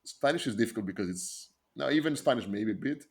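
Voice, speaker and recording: Low-voiced man with a Greek accent. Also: animated. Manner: curious, asks questions with pauses. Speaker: podcast co-host. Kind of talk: casual chat.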